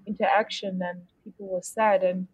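A woman's voice: mid-range voice, little pitch movement, normal speed, darkish tone, slightly rough, no room sound. A woman singer and songwriter from South Africa's Eastern Cape, chatting frankly in an interview and laughing often at her own blunt humor. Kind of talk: casual interview chat.

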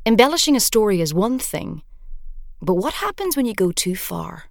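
A woman's voice: mid-range voice, big pitch swings, moderate pace, gravelly, no room sound, studio quality. A woman reading the scripted intro and sponsor notes of a podcast. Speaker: podcast presenter.

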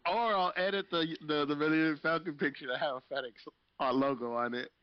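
A man's voice: fairly high pitch, brisk. A man co-hosting a podcast, teasing his friend and laughing. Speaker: podcast co-host. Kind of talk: casual chat. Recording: lo-fi with faint hiss.

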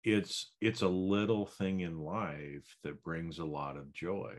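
A man's voice: low-pitched, steady tone, takes it slowly. A man co-hosting a podcast, musing in a reflective, rambling way with many fillers. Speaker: podcast co-host. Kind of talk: casual chat.

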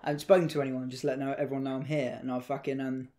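A man's voice: mid-range voice, flat delivery, racing, dark tone. An English man, a podcast co-host, chatting casually with friends, swearing freely and acting out exaggerated voices in his stories. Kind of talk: casual banter among friends.

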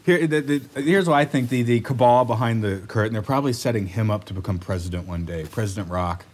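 A man's voice: mid-range voice, quick pace. A man co-hosting a casual podcast, rambling with fillers and frequent laughter. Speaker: podcast co-host. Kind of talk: casual chat.

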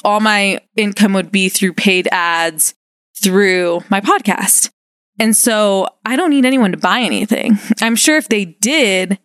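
A young woman talks through her solo podcast in a casual, upbeat ramble, dropping "like" all through her sentences. Her voice sits at an ordinary pitch for a woman and is recorded dry and close, with no room echo. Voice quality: upbeat, chatty with many "like" fillers. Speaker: podcast host.

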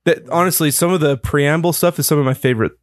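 A man's voice: a little high, fast talker, no room sound, clean studio sound. A man co-hosting a podcast, wry and easygoing in casual chat. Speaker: podcast co-host.

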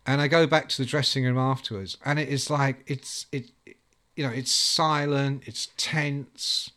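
Animated British-chat man telling stories. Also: mid-range voice, measured pace. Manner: animated storyteller who acts out quoted voices. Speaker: guest recalling music journalism days. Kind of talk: casual storytelling chat.

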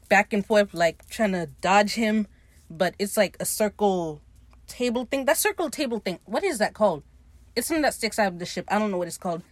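Animated woman with a dry close sound. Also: medium pitch, no echo. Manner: animated, swears freely, acts out characters' lines with laughs. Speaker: podcast host recapping a TV episode. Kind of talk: casual recap chat.

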